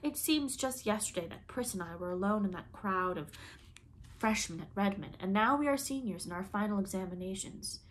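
A woman reading the part of a calm, heartfelt young college woman who speaks sincerely. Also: mid-range voice, moderate pace, slight background noise, lightly acted.

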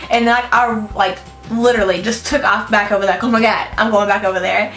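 A woman's voice: on the high side, fast, soft background music. Bubbly twenties woman gushing in an echoey room. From Houston, Texas. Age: 20s. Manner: gushing, animated, acts out voices in quotes. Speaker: beauty vlogger. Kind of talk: excited storytelling to camera.

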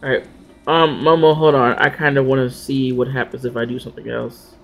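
A man's voice: mid-range voice, flat delivery, fairly quick, gravelly, faint music behind. A man casually commenting on a game playthrough, chatty, stumbling over words and easily delighted. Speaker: gaming channel host.

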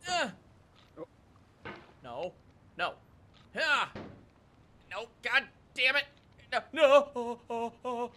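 Man, gaming commentary, very high voice, bright sharp tone, frantic yelling, strained voice, desk mic. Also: expressive, very slow, long pauses, a little hiss or hum. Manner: frantic, yelling, cursing, groaning at failures. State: voice strained from screaming. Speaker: gaming YouTuber. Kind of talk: frustrated let's-play commentary. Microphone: desk microphone.

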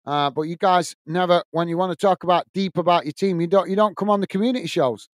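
A man's voice: high voice, fast talker, no room sound. A man hosting a football watch-along, giving live commentary and chatting with viewers, full of fillers and restarts.

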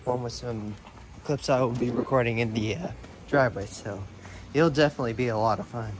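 A young man chats casually for his vlog, friendly and rambling, with plenty of fillers. His pitch sits mid-range, and he is picked up by a body-worn action camera with faint background noise. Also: a little fast. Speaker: vlogger. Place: outdoors at his grandparents' house.

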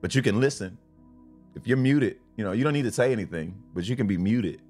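A man's voice: on the low side, expressive, a little fast, darkish tone, slightly rough, soft background music. A man preaching and reading scripture on a live stream, fervent, repeating and restarting lines.

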